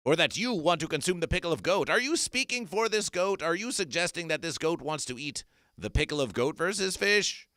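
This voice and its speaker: A man's voice: a little high, very animated, a little fast, bright, forceful tone, dry recording, clean studio sound. A man hosting an absurdist comedy stream, making grandiose, repetitive, mock-solemn proclamations. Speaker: comedy performer. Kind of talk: absurdist livestream chat.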